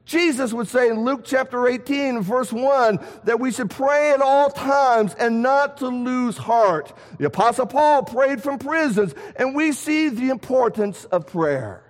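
Preacher, male, very high voice, animated delivery, long hall reverb. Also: a little slow, hardly any pauses. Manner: animated, rhetorical questions, shifts loud and soft. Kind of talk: sermon. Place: church sanctuary.

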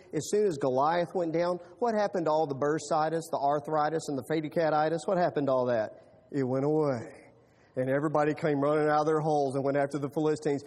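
A man preaching a sermon who tells the story in an animated way, often repeating words as he starts a line. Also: a little high. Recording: long reverb of a large hall.

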